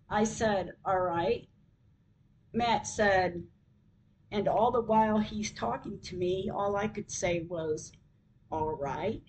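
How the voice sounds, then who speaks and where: Slow-spoken older woman telling her story. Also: mid-range voice, darkish tone, a little hiss or hum, low-quality recording. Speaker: podcast host. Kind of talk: reading a personal story aloud.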